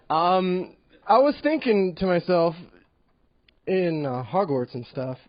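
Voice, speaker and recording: A man's voice: high-pitched, dry recording. Giggly young male stand-up comic. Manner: awkward and giggly, with many ums. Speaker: stand-up comedian. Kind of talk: stand-up comedy set. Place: comedy club. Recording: dull lo-fi live recording.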